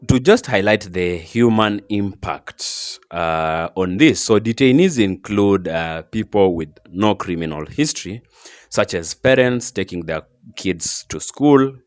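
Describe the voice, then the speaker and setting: A man hosting a commentary show, reading his points in a halting way with many fillers and restarts. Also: sits low, dry recording. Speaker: commentary host. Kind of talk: scripted commentary.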